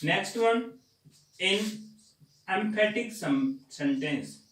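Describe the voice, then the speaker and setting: Indian english guy teaching grammar, super slow, repeats stuff, kinda high voice, echoey room. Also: expressive, a bit bright, distant mic. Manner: slow and deliberate, repeats words for emphasis. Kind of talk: grammar lecture. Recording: echoey room, voice set back from the mic.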